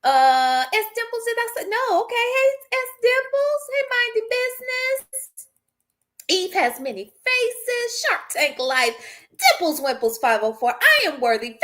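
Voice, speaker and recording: Lively, high-voiced woman hosting a stream. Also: slow pace. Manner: animated, greets viewers by name, chuckles often. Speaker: livestream host. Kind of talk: casual live-stream chat.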